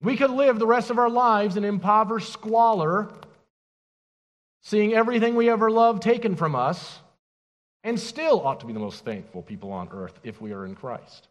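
Male pastor, high voice, lively pitch swings, emphatic sermon, long church reverb. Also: normal speed. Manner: animated, emphatic preaching with rhetorical questions.

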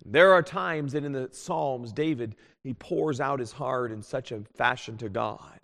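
A man preaching a sermon as a pastor, earnest and pleading, swinging from loud appeals to hushed tones. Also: mid-range voice, unhurried, vocal fry. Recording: long hall reverb.

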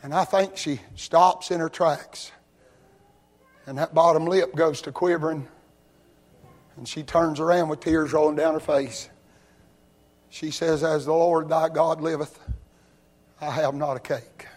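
A man preaching a sermon, telling Bible stories in a folksy way and rising to loud, shouted peaks. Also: fairly high pitch, steady tone, measured pace, long pauses. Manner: builds from quiet storytelling to loud shouting.

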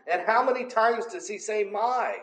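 A man's voice: high-pitched, normal speed, crowd noise. A man preaching in a conversational Bible teaching style, emphatic and often asking for agreement. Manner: emphatic, asks for agreement with "right?" and "amen?". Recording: roomy echo.

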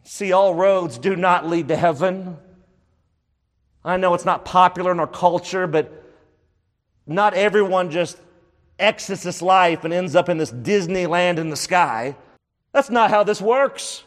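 Emphatic high-voiced preacher in a hall. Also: male voice, a little slow, long pauses. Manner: emphatic, rhetorical questions, repeats phrases. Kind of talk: sermon.

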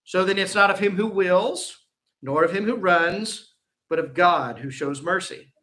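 A man pastor preaching a sermon, with emphatic swings between loud and soft and between slow and quick. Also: high-pitched.

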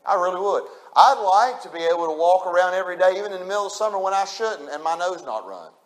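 A man's voice: high voice, expressive, quick pace. A man preaching a sermon, repeating his points with emphasis and speaking straight to the congregation. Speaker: pastor.

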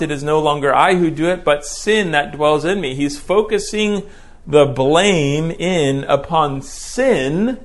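A man preaching through a Bible passage, explaining it step by step and often checking in with a rhetorical "right?". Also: on the high side. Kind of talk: expository Bible teaching.

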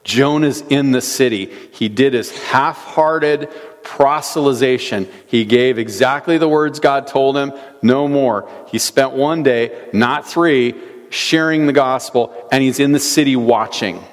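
Long church hall reverb surrounds a pastor preaching earnestly in a sanctuary. Speaking at a measured pace in a medium-pitched voice, he reads scripture aloud and asks rhetorical questions.

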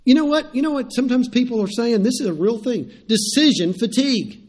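A man's voice: very high-pitched, expressive, fast talker, warm tone. A middle-aged man, preaching a sermon in a conversational way, repeating phrases and turning to the congregation with asides. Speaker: pastor.

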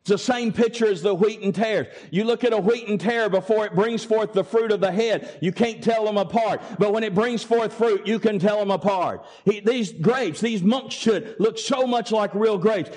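A man preaching a sermon, emphatic and deliberate, with dramatic pauses. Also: sits high, a little mellow.

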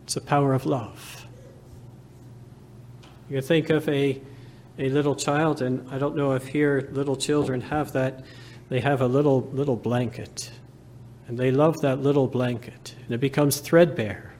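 A man preaching a sermon in a slow, earnest manner, building to fervent emphasis. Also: mid-range voice, fairly even intonation, darkish tone, slight background noise.

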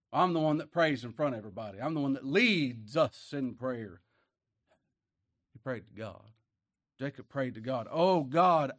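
An older man preaching a sermon, swinging from hushed words to loud emphatic passages. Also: medium pitch, dry recording, studio quality. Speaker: pastor.

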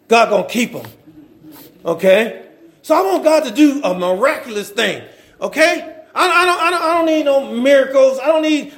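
Male preacher, high voice with a gravelly edge, stumbling restarts, call-and-response sermon. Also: fairly bright tone.

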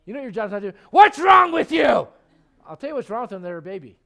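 High-voiced pastor preaching. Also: male voice, very fast, shouting. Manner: animated and conversational, with frequent restarts. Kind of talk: sermon.

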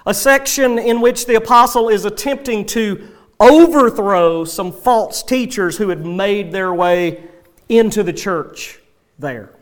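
A man preaching an expository sermon to his congregation, reading scripture and explaining it in a measured, emphatic way. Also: high voice, a bit bright. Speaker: pastor.

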